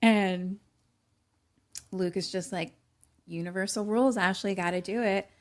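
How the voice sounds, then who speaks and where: A woman's voice: medium pitch, steady tone, measured pace. A young woman co-hosting a podcast, casually recapping a movie scene by scene, quoting the characters and laughing often. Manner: retells scenes with acted-out quotes, laughs often.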